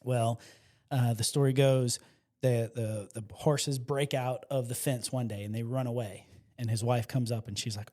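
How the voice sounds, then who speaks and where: An unhurried man with a medium-pitched voice, originally from South Louisiana, tells stories while guesting on a podcast in relaxed conversation. Passionate and excitable, he brings his quotes to life by voicing them.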